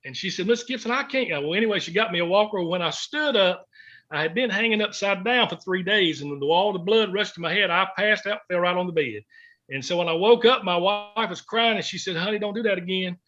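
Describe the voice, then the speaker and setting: A man's voice: high voice, brisk, bright, forceful tone. Guy middle aged, folksy heartfelt storytelling, gets choked up, kinda dull lo-fi audio. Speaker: guest, former gospel singer. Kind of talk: emotional storytelling interview. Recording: dull lo-fi recording.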